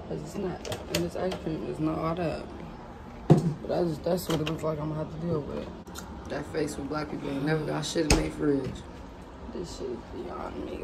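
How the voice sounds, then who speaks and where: A home cook vlogging in a kitchen, talking loud and profane straight to the viewers in a casual chat. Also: mid-range voice, gravelly. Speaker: cooking vlogger. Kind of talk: casual cooking vlog chat. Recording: heavy background noise.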